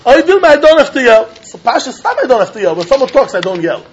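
A man giving a Talmud lecture, animated and chuckling as he acts out both sides of an argument. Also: extremely high pitch, fast, breathy edge. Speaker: Talmud teacher. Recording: dull lo-fi recording.

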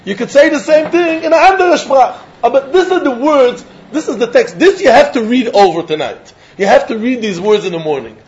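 High-voiced man giving a Talmud lecture. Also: fairly quick, hardly any pauses, highs cut off, slight background noise. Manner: lively, questioning, mixes English with Yiddish and Hebrew terms. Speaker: Talmud teacher.

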